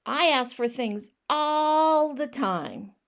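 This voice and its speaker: A woman voicing a pushy, whiny male pigeon who keeps demanding things, in a loud, insistent, complaining way. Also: high-pitched, animated, extremely slow, gravelly, voice pushed up, exaggerated voice. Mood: indignant.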